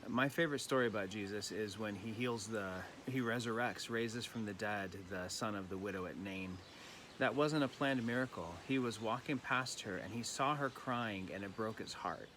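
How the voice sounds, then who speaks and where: A man giving a gentle, reflective evening prayer reflection as a pastor, recorded at home during lockdown. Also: lowish voice, normal speed, a little hiss or hum.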